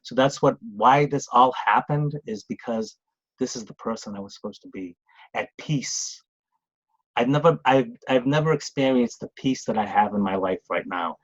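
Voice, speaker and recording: A man's voice: mid-range voice, moderate pace, no room sound, muffled recording. A middle-aged man with a Boston accent, a podcast guest talking casually, rambling with frequent restarts. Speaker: guest, grief coach and author. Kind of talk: casual conversational interview.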